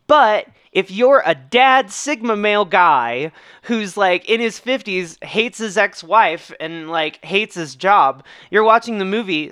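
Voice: mid-range voice, animated, a little slow, a bit bright, clear, resonant tone, no echo. Emphatic, swearing podcast co-host. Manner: emphatic, argumentative, swears freely. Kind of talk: casual podcast chat.

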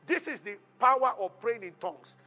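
A man preaching a sermon as pastor, retelling a Bible story with lively call-and-response to the congregation. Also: very high voice, fairly quick.

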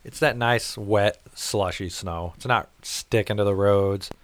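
A man's voice: fairly low pitch, a little slow. A man telling a rambling, profane story in casual chat. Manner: rambling, profane, laughs at his own story.

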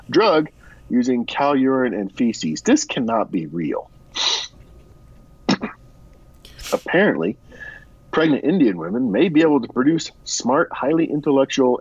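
Husky, lively man on a dull mic. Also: medium pitch, no room sound. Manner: wry, lively reader. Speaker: podcast co-host. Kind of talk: reading a news article aloud, casual.

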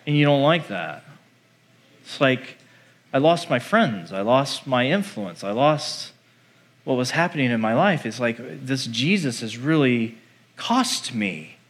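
A male pastor preaching a sermon in an animated, conversational way, acting out the voices he quotes. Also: medium pitch, unhurried.

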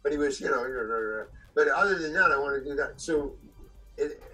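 An older man, an actor being interviewed, telling stories in a halting way with restarts and chuckles. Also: on the high side, animated, sharp tone, husky, soft background music, low-quality recording. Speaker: actor guest. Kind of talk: anecdotal storytelling.

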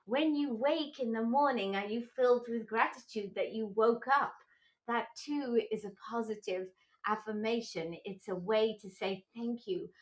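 A middle-aged woman hosting a podcast, talking slowly and earnestly in an encouraging motivational tone. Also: a little high, low-quality recording. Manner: slow, earnest and encouraging, with small restarts. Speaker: podcast host. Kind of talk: motivational talk.

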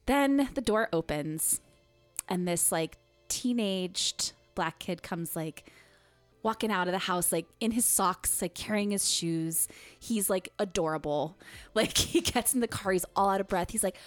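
A woman in casual podcast chat, telling a story with animated quoted voices and frequent laughs. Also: medium pitch, a little slow, no room sound, faint music behind.

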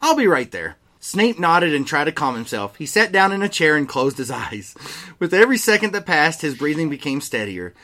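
A man co-hosting a comedy podcast, reading fan fiction aloud with a giggly, theatrical delivery. His pitch is slightly high and swings around lively. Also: moderate pace. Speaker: podcast co-host.

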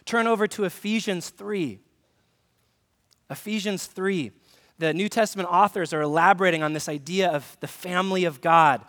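A man's voice: sits high, normal speed, a bit bright, long reverb tail. A man, a pastor, giving a conversational sermon with humor and direct questions to the congregation. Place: church sanctuary.

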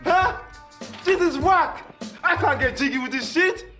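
A man putting on a shrill, exaggerated voice of someone fed up with a bad movie. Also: a little slow, sharp tone, soft background music, heavily acted. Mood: outraged. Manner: squealing, exaggerated outrage.

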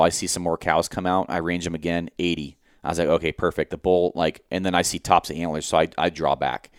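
Deep smooth-voiced man telling a hunting story. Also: dry recording, studio quality. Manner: animated storytelling, swears freely, acts out his own thoughts. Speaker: podcast co-host.

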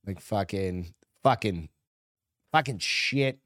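A man's voice: fairly low pitch, lively intonation, slow, a bit bright, no echo, studio quality. A man from New Hampshire co-hosting a podcast in casual chat, talking bluntly and swearing a lot. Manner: blunt, heavily profane. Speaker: podcast co-host.

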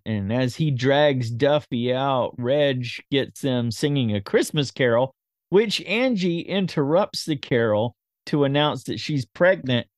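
A man hosting a podcast, summarizing a movie plot scene by scene in a steady, informal way. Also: medium pitch, no room sound, clean studio sound.

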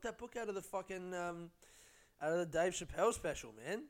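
A man's voice: high voice, normal speed. A young man, a comedian, chatting casually and telling rambling, profane stories. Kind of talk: casual vlog chat.

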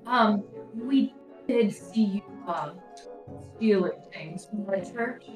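Brief: sweet pious old parishioner, as a woman puts her on, slow and prim, a bit off-mic in a roomy space. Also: mid-range voice, a little mellow, distant mic, soft background music, natural voice.

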